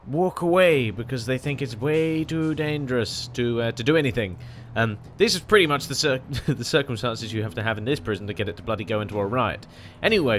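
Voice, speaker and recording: A man talking through a video game in a loose, chatty way, quick to exclaim and poke fun at himself. His voice sits at a middling pitch. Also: fairly bright tone, a little hiss or hum. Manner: chatty and self-deprecating, often exclaiming. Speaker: gaming channel host. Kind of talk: casual game commentary.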